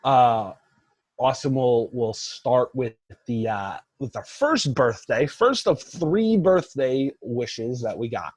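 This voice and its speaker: A young man co-hosts a podcast in loose, casual chat and rambles through fillers and "like"s. His voice is husky and mid-pitched. It sits close and dry on the mic. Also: animated, takes it slowly, a little mellow, no echo. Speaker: podcast co-host.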